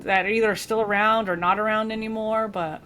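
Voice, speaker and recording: A woman's voice: mid-range voice, steady tone, a bit bright. A woman co-hosting a podcast, chatting casually and laughing along with her partner. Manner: chatty, quick to laugh, reacts with short agreements. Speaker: podcast co-host. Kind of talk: casual chat.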